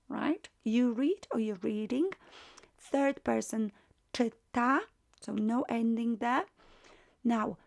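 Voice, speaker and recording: Slow, gravelly-voiced woman teacher. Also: a little high. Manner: patient, repeats words with drilled pronunciation. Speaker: language teacher. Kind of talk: slow explanatory lesson.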